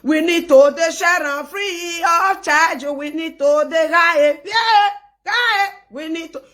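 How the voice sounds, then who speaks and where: High-voiced Nigerian woman, loud and animated. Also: takes it slowly. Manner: animated, emphatic, often raising her voice. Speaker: live-stream gossip host. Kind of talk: live-stream gossip commentary.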